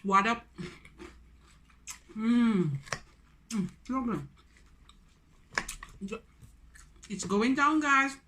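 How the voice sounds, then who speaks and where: A woman's voice: fairly high pitch, expressive, drawn-out words, pauses often, pushed and bright, a little hiss or hum. A Jamaican woman in her forties chatting casually on a mukbang vlog, slipping into Patois between English sentences. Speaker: food vlogger.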